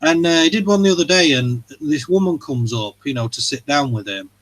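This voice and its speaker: A man's voice: on the high side, lively intonation, fairly quick, a bit bright, poor audio. A man hosting a casual livestream chat, talking in a rambling, hesitant way with lots of fillers and swearing. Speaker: livestream host.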